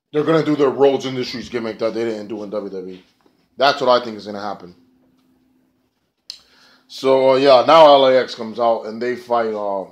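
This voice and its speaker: Male reviewer, rambling and profane, sarcastic casual delivery, mid pitch. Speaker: wrestling show reviewer.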